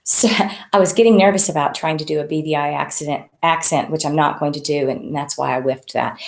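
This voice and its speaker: A woman author reads her novel aloud, conversational and unhurried. Her voice is low with a gravelly texture, and the recording is echoey. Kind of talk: audiobook reading of her novel. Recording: echoey room.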